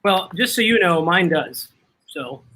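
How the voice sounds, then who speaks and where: A man's voice: high-pitched, expressive, unhurried, sharp tone, a little hiss or hum, poor audio. A man hosting a casual chat over drinks, laughing often and making fun of himself. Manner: laughs often, self-mocking.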